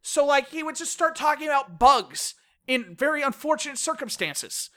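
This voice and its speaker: A woman co-hosting a casual games podcast, animated and laughing, swearing when she gets worked up. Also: high voice, normal speed. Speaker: podcast co-host. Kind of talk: casual podcast rant about video games.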